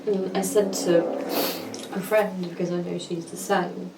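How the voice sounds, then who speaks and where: A woman's voice: on the low side, flat delivery, a little slow. A woman, a client, chatting casually over a video call and speaking hesitantly as she searches for her words. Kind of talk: casual chat. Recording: distant, echoey, noisy call.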